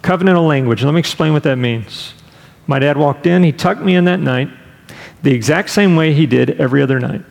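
A man preaching a sermon, telling a story in a relaxed, conversational way with fillers and asides. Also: a little high, fairly quick, creaky, big-room sound. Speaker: pastor.

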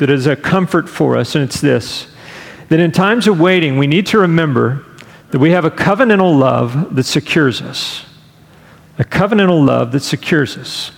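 A man preaching a sermon, telling a story in a relaxed, conversational way with fillers and asides. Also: a little high, vocal fry, long reverb tail. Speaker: pastor.

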